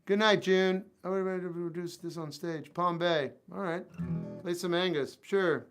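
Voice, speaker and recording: High-voiced man chatting over guitar. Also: steady tone, moderate pace, a bit bright. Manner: wry, talks back to chat, exasperated asides. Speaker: livestream musician. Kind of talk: casual livestream chat reading viewer comments. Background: acoustic guitar playing.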